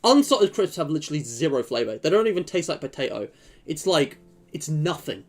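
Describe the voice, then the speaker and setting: A man's voice: fairly high pitch, big pitch swings, a little fast. A young man streaming, chatting casually and rambling with jokes and fillers. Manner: rambling and joking, many fillers. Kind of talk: casual chat.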